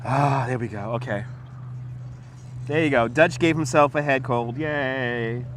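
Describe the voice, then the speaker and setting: With a mid-range, fairly bright voice, the man speaks unhurriedly. He's hosting a casual walking livestream outdoors on a city waterfront, answering chat with rambling, laughter and swearing. His wireless lapel mic picks up slight background noise.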